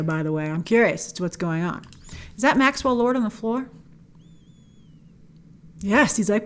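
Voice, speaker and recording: A woman's voice: mid-range voice, animated, normal speed, pauses often. A woman hosting a movie trailer breakdown, talking with wry, joking asides. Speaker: movie trailer reviewer host.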